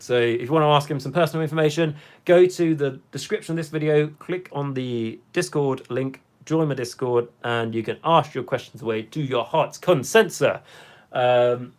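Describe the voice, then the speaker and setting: A young man hosting a long hobby livestream, his voice hoarse and worn from talking for hours. He rambles along in a casual, unhurried way and reads viewers' comments out loud. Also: mid-range voice.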